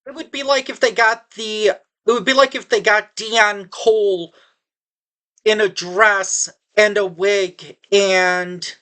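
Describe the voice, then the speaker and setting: A woman's voice: medium pitch, fairly even intonation, slow, a bit bright. A woman giving a casual spoken movie review, sarcastic and exasperated, rambling with frequent restarts.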